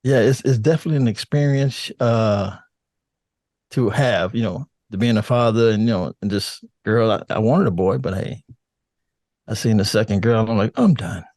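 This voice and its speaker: Older man with a deep calm voice. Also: no echo, clean studio sound. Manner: relaxed, laughing, halting restarts. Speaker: podcast guest. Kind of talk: casual interview chat.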